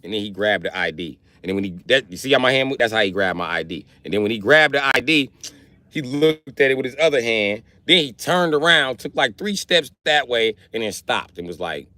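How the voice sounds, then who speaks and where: A man's voice: medium pitch, animated, fairly quick, bright, forceful tone, no echo. A young man from Wisconsin, a livestreamer telling a rambling, profane comic story with lots of energy.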